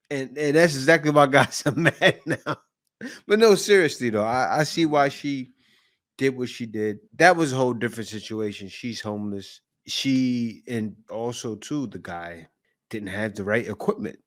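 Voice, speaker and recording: A man hosting a reaction video, commenting in a joking, repetitive way. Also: medium pitch. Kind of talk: casual commentary.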